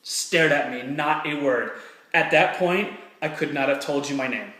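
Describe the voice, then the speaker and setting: Earnest male motivational speaker, high-pitched, emphatic and repetitive, echoey room. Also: unhurried, sharp tone. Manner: earnest, fired-up, repeats phrases for emphasis. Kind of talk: personal story and motivational talk to camera.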